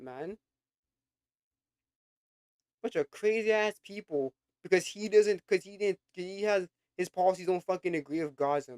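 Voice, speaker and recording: A man's voice: on the high side, no room sound, studio quality. A young man hosting a reaction video, who talks bluntly with lots of swearing and repeats himself in exasperation. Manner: blunt, profane, exasperated, repetitive. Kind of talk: casual reaction commentary.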